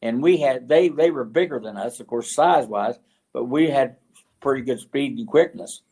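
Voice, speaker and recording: An older man from West Virginia, a retired football coach, telling stories as a guest in an interview, halting and full of fillers and restarts. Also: mid-range voice, warm tone, husky. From West Virginia, USA. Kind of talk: storytelling interview.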